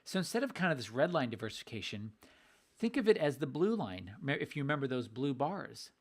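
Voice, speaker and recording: A middle-aged man giving a casual video lesson on investing, energetic, repeating phrases for emphasis with a mildly sarcastic edge. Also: mid-range voice, fairly quick. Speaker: investing educator.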